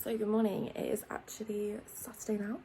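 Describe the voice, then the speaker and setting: A young woman vlogging casually from her bedroom into a phone camera, often dropping into a soft, half-whispered chat. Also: mid-range voice, monotone, fairly quick, loud music behind the voice. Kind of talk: casual day-in-the-life vlog chat. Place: bedroom at home.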